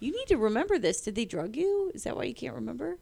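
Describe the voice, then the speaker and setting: A woman's voice: fairly high pitch, quick pace, vocal fry. A woman co-hosting a podcast, chatting casually and laughing while reading out odd news stories. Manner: giggly, animated, playful. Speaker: podcast co-host.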